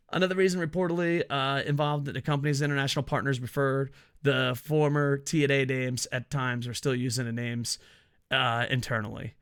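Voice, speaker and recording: Man, gravelly voice, lively swooping pitch, profane sarcastic rant. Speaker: wrestling commentator. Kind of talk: casual ranting commentary.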